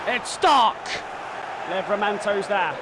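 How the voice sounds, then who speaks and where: A man streaming a football video game live, calling the action like a broadcaster and bursting into shouts of excitement at the goals. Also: high voice, slow, over a noisy crowd, very noisy. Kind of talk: live gameplay commentary in broadcaster style.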